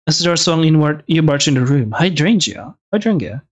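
A man reading a visual novel aloud with casual asides, halting and restarting words. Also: on the high side, fairly even intonation. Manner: halting, restarts words, reads with some feeling.

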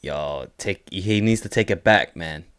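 A young man hosting a casual reaction video, excitable and swearing, full of "yo" exclamations and laughter. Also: low-pitched, unhurried, clean tone.

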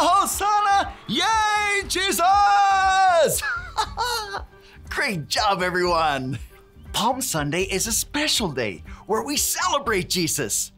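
A woman's voice: fairly low pitch, bright, forceful tone, full character voice. A woman playing a cheerful handyman who teaches a children's Bible lesson, cheering and tossing in Spanish words.

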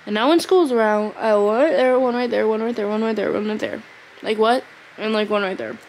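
A woman's voice: a little high, fairly quick, darkish tone, a little hiss or hum, rough recording. A teenage girl vlogging at home on her phone camera, exhausted and rambling with lots of fillers. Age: teens. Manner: rambling, tired, filler-heavy talk. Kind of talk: casual vlog chat.

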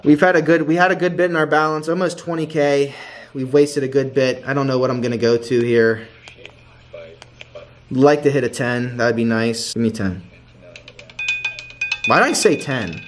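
Man, gambling streamer, pleading chants, sudden shouting, faint music behind. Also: medium pitch. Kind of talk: excited live casino commentary.

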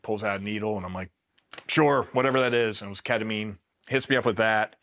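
A middle-aged man from Pennsylvania, a Marine veteran, telling war stories in a casual, deadpan way and quoting himself flatly. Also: lowish voice, fast talker. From Pennsylvania, USA. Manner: laid-back, deadpan, quotes himself flatly. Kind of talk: casual storytelling interview.

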